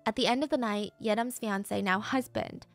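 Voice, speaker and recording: A woman's voice: medium pitch, normal speed, gravelly, faint music behind. A woman host narrating a true crime case in a conversational, emotionally invested way.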